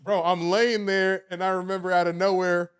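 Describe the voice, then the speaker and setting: A young man with a high voice tells a story on a casual podcast. He is animated and laughs through his lines. He swears freely and keeps checking in with "right?". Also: normal speed, clean tone. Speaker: podcast co-host.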